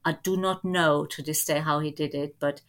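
A middle-aged woman telling family stories as a podcast guest, in a lively anecdotal way. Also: sits low, normal speed. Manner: lively anecdotal storytelling with laughs. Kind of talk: storytelling in a podcast interview.

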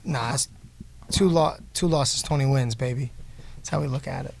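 A man's voice: medium pitch, moderate pace, gravelly, a little mellow, slight background noise. A man hosting a casual podcast chat, teasing and joking with his guests. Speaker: podcast host.

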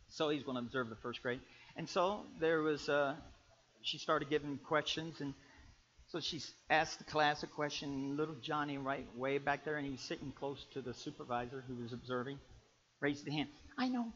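A man preaching a sermon on marriage, animated, swinging between loud exclamations and quiet storytelling. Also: mid-range voice. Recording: muffled lo-fi recording.

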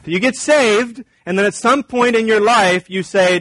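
A man's voice: high voice, measured pace, hardly any pauses, fairly bright tone, no echo. A man preaching a sermon in a conversational, emphatic way, acting out little dialogues. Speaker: pastor.

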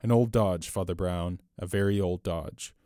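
Male reader doing big boastful robber in priest's garb, low and scornful, flat studio sound. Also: normal speed, no echo, lightly acted. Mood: mocking. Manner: low and steady, then mocking and boastful. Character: tall, bold male master thief posing as a priest.

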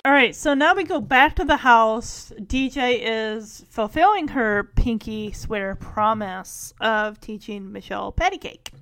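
A woman with a slightly high voice talks through a sitcom episode in a loose, chatty way. She wanders into side stories and corrects herself as she goes. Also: lively intonation, unhurried, few pauses, a bit bright. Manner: rambling, self-correcting, many asides. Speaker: show recap host. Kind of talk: casual episode recap.

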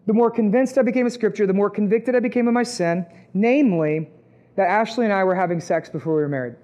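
Man, young adult, high-pitched, preacher, conversational sermon, emphatic peaks. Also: quick pace. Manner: conversational, acts out quoted voices, rises to loud emphatic peaks. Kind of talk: sermon with personal testimony.

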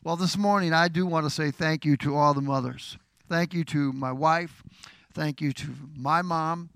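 A middle-aged man preaching as a pastor, speaking warmly and earnestly to mothers. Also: fairly high pitch, normal speed, dry recording. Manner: tender, heartfelt tribute to his wife. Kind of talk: sermon.

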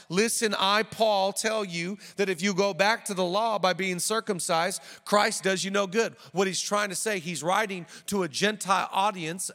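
Male pastor, high voice, playful punchy sermon, repeats lines for emphasis, long hall reverb. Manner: lively preaching with joking asides.

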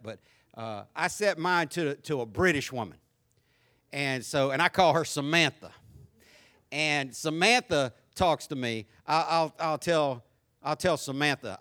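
A man's voice: mid-range voice, fairly bright tone. A middle-aged man with a Southern US accent, preaching a sermon as a pastor and telling humorous stories to his congregation.

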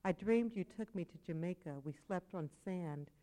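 Woman poet reading in a low, measured voice. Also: mellow, low-quality recording. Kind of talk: live poetry reading. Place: poetry venue with audience.

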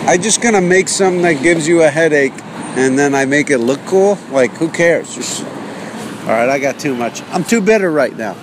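A man's voice: on the high side, lively intonation, normal speed. A man hosting a solo podcast from his car, rambling in a sarcastic, self-mocking rant. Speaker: podcast host. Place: in a car while driving. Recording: car with road noise behind.

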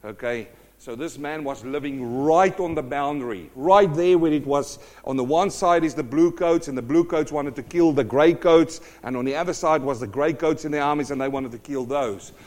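A middle-aged man preaching a sermon, telling stories with lively acted-out voices. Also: a little high, normal speed, few pauses. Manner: animated storytelling, acts out quoted voices.

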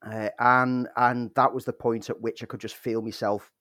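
A man's voice: mid-range voice, little pitch movement, moderate pace, pushed and bright, dry recording, clean studio sound. A man co-hosting a podcast, speaking earnestly in casual chat with a few stumbles. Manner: earnest, stumbles and restarts words. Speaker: podcast co-host.

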